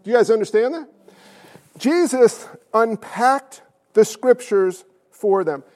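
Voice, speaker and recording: A male pastor delivering a sermon in a strikingly high voice. He presses his points with loud emphasis, drops to hushed asides, and keeps asking the congregation questions. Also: expressive, slow pace. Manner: swings between loud stresses and hushed asides.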